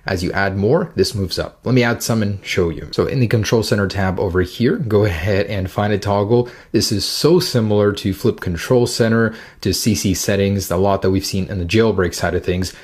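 A man with a fairly low voice talks through a demo in a casual, chatty way. He sounds upbeat and enthusiastic as he walks through each feature. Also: moderate pace, hardly any pauses, darkish tone, breathy edge. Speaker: tech reviewer.

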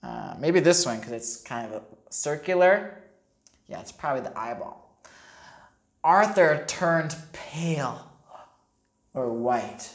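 A woman's voice: slow, long pauses. A woman teacher reading a picture book aloud to young children and explaining the words as she goes. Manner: expressive, leaps up in pitch for character voices. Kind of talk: storybook read-aloud with explanations for kids. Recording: echoey room.

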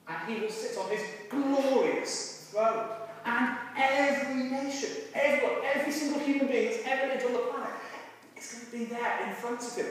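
A man leads an all-age church sermon, playful and lively as he talks to the children. His voice sits fairly high. He is heard from a distance in a church hall with a long, booming reverb. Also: a little hiss or hum. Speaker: preacher. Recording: echoey church hall, voice from far off.

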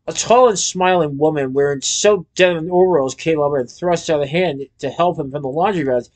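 A man narrating a children's storybook aloud in a lively, expressive way. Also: fairly high pitch, fairly quick, hardly any pauses. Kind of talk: storybook reading.

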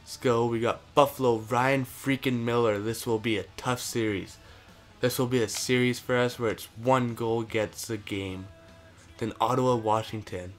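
Excitable man commentating his own game. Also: mid-range voice, moderate pace, faint music behind. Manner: excitable, cheers and curses at the game. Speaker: gaming commentator.

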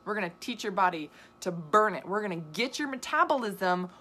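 A woman nutrition coach hosting a live video, answering viewer questions in an animated, chatty way with lots of asides and laughs. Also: mid-range voice, brisk. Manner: animated, gesturing a lot while talking.

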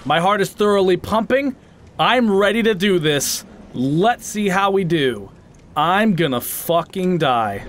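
A man with a high voice that swings wildly up and down narrates his gameplay. He is excitable and mocks himself while trash-talking enemies. Every so often he breaks into sudden shouts. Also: a little slow, slight background noise. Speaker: gaming channel host. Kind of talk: let's play commentary.

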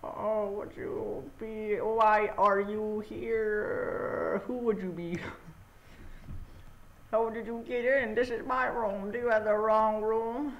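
A man's voice: high voice, fairly even intonation, muffled recording, voice pushed up. A man doing a frail, confused old mother. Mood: bewildered. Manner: wavering, drawn-out and fretful, flaring into shrieks. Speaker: game player voicing characters. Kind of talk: let's-play voice acting.

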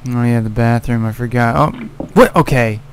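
A man's voice: medium pitch, steady tone, brisk, slight background noise. A man giving casual gameplay commentary, cursing and scolding the game character. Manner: profane, exasperated, yelling at the game character. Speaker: let's play gamer.

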